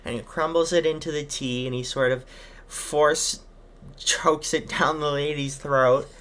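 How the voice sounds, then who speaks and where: A man's voice: fairly high pitch, steady tone, a little slow, a bit bright. A man appearing as a podcast guest, casually retelling a film's plot with lots of fillers and acted-out quotes. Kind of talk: casual film recap chat.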